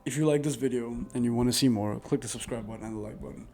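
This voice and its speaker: A man talks to his viewers about handling arguments. His tone is warm and relaxed, and he speaks in an earnest, rambling way with plenty of "like" fillers. It sounds like a casual advice vlog recorded on a microphone. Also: mid-range voice, fast talker. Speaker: advice vlogger. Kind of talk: casual advice monologue to camera. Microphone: new dedicated microphone.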